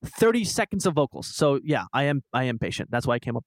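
A man's voice: mid-range voice, very animated, quick pace, dry recording. A young man co-hosting a podcast, telling a rambling story in earnest, casual chat. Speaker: podcast co-host.

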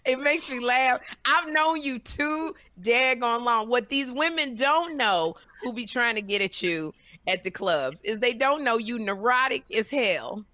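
A woman comedian in casual chat, teasing her friend and telling stories with lively energy. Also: a little high, measured pace, no echo.

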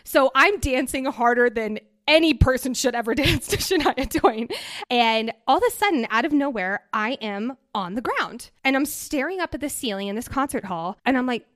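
A young adult woman co-hosting a podcast, telling a story in an animated way with frequent laughs and lots of "like". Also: sits high, moderate pace, dry recording, clean studio sound. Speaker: podcast co-host. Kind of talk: casual podcast chat and storytelling.

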